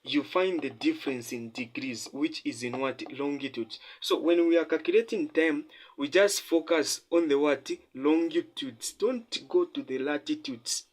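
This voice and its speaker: A man's voice: fairly high pitch, unhurried, hardly any pauses. A male tutor explaining a geography calculation, repeating key points for emphasis and quizzing listeners as he sketches. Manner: repetitive, quizzing listeners with "the what?" and "have you seen?". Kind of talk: math lesson at a whiteboard.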